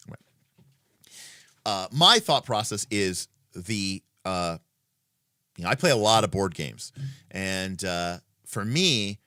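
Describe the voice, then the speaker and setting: A man's voice: mid-range voice, bright, forceful tone, no echo, clean studio sound. A man hosting a casual livestream who thinks aloud, with many fillers and restarts, in an emphatic, opinionated way. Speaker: livestream host.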